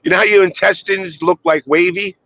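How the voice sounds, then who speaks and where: A man streamer telling a crude story in casual chat, animated, with put-on voices for the people in it. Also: sits high, a little fast, no room sound, low-quality recording.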